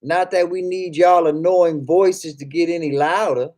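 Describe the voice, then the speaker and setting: A man's voice: a little high, fairly even intonation, measured pace, darkish tone. A man chatting casually as a streamer, joking and swearing as he reads viewers' comments aloud. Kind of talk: casual chat.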